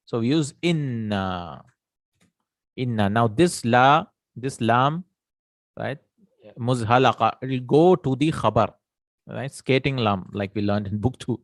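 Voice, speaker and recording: A man teaching an Arabic grammar lesson, explaining slowly, repeating terms and checking with "right?". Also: medium pitch, animated, no room sound.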